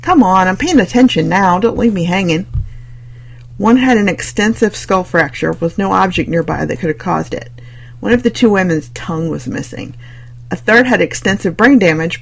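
Gravelly voice reading a novel aloud, wry and chatty, middle pitch. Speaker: audiobook narrator. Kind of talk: scripted narration.

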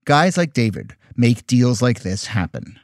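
A man's voice: medium pitch, very animated, measured pace, no room sound, clean studio sound. A man hosting a podcast, narrating in a wry, conversational and skeptical way. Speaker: podcast host. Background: faint music.

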